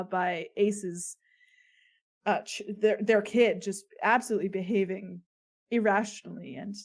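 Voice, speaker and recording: Woman narrating improv, full of fillers. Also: medium pitch. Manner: rambling, hesitant with many fillers. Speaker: improv storyteller.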